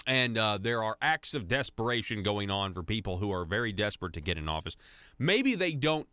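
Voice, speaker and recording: A man talks on a radio call-in show in a loose, rambling way, full of fillers and restarts. His voice sits very low and sounds smooth and resonant. The studio sound is close and dry. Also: pushed and bright, dry recording. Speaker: radio talk show host. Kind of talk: conservative talk radio monologue.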